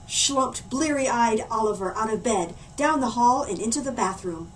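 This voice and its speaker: Animated woman reading a children's story. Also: on the high side, normal speed, hardly any pauses, recorded from a distance, slight background noise, poor audio. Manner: animated, playful, swooping between hushed and loud. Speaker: library story reader. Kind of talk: children's storybook read-aloud.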